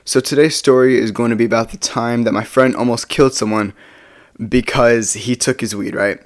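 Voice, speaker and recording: A young man telling a party story in a relaxed, rambling way, tacking "right?" onto his lines. His voice sits at an ordinary middle pitch. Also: normal speed. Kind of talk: casual storytime.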